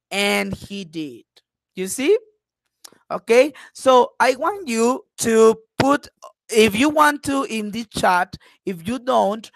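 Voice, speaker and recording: A woman's voice: mid-range voice, no echo, rough recording. A woman English teacher leading an online class, patient and encouraging, dropping in frequent uh-huhs.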